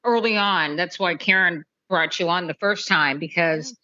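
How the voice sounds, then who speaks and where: A woman co-hosting a political podcast, chiming in supportively with quick interjections. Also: fairly low pitch, bright, forceful tone. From San Antonio. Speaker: podcast co-host. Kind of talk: casual conversational interview. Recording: slightly dull lo-fi sound.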